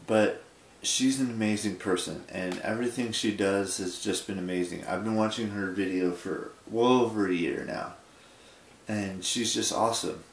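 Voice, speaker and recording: Male vlogger, 20s, sleepy, halting and rambling, slightly low voice. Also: roomy sound, a little hiss or hum. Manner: rambling, halting, with many restarts. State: sleepy, yawning. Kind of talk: casual late-night vlog monologue.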